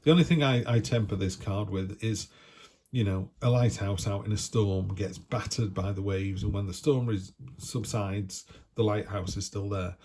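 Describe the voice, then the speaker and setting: A man's voice: fairly low pitch, normal speed, darkish tone, husky. A man giving a casual, encouraging weekly tarot reading, chatty and full of restarts. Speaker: tarot reader.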